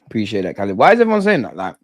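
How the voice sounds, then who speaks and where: A man hosting a live football watch-along, chatting in excitable, slangy banter with his viewers. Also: lowish voice, rapid-fire, dry recording. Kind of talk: live fan commentary and chat.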